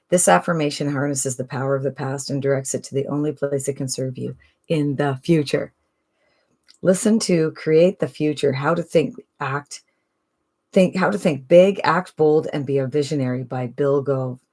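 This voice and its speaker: A woman's voice: a bass voice, a little mellow. A woman from Canada talking casually and persuasively about an online business, with lots of rhetorical questions. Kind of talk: casual sales pitch monologue.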